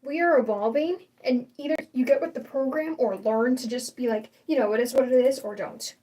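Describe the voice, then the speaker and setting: A young woman chats through a casual livestream in a high but mellow voice, restarting sentences and leaning on fillers as she gives her opinions. She sits a little back from the mic, so the sound is slightly distant. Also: a little fast. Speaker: livestream host.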